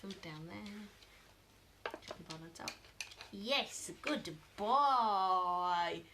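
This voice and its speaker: A British woman giving a casual live dog-training lesson at home, chatting to viewers and breaking into high-pitched praise for her dog. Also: lively intonation, extremely slow, very noisy. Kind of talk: live-streamed training demo.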